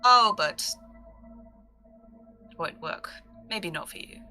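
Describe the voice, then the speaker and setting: A woman's voice: fairly low pitch, lively intonation, slow, pushed and bright, faint music behind. A woman playing in a tabletop game, speaking in character in a dry, sarcastic way. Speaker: player.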